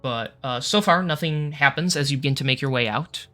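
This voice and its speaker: A man narrating as game master for a tabletop game, in a casual, halting way with fillers and some swearing. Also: mid-range voice, sharp tone, faint music behind.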